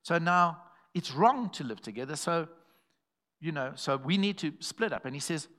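Bright-toned guy preaching, acts out the voices in his story, calls out to the church. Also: fairly high pitch, normal speed. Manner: animated, calls to the congregation, acts out quoted voices. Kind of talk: sermon with storytelling.

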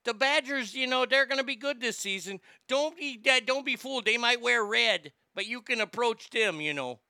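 A man's voice: very high voice, expressive, moderate pace, bright, forceful tone, clean tone, no room sound, clean studio sound, voice pushed up, full character voice. A man doing a folksy cheerful local. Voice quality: chatty, folksy.

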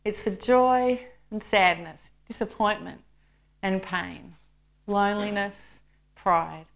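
A woman reading the part of the Lord as an eager, devoted male creator, in earnest, animated storytelling. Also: mid-range voice, slow, vocal fry. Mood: tender.

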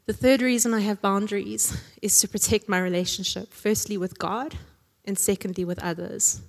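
A woman's voice: mid-range voice, fairly even intonation, normal speed, vocal fry. Woman preacher, casual conversational sermon with jokey asides, long hall reverb. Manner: conversational, tag questions, jokey asides with laughs.

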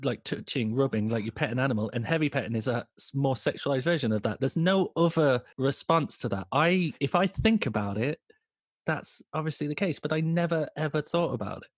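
Man, thirties, casual sweary podcast host, mid pitch, dry close sound. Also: fairly quick, no echo. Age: 30s. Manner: sweary, animated storytelling. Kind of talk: casual comedic chat.

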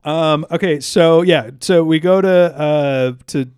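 A man's voice: on the high side, takes it slowly, darkish tone, smooth, no room sound. A young man co-hosting a casual podcast chat, rambling, stumbling over words, laughing and swearing often. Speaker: podcast co-host.

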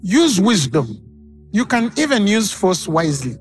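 Preaching man, dramatic and animated. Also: high voice, measured pace, over music. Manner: dramatic, acts out quoted voices. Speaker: pastor. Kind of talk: sermon.

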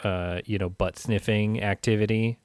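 Low-voiced man, laid-back movie chat. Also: fairly even intonation, moderate pace, a little mellow, clear, resonant tone, no room sound, studio quality. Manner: laid-back, swears casually, laughs often. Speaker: podcast co-host. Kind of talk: casual movie review chat.

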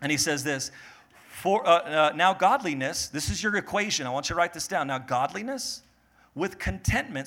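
Pastor guy preaching, fairly high voice, jokey and animated, acts out quotes. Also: moderate pace. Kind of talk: sermon.

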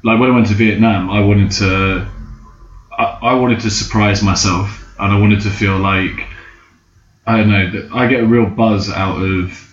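Young man, low-ish voice, rambling storyteller with swearing, in a roomy room on a slightly dull recording. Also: steady tone, moderate pace, a little hiss or hum. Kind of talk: casual chat.

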